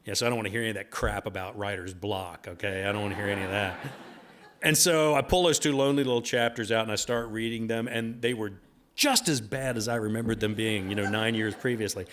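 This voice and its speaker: A man's voice: fairly low pitch, fairly even intonation, fast, fairly bright tone, a little hiss or hum. A middle-aged man telling a folksy, rambling story at a bookstore talk, with plenty of fillers along the way. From United States. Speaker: author giving a talk.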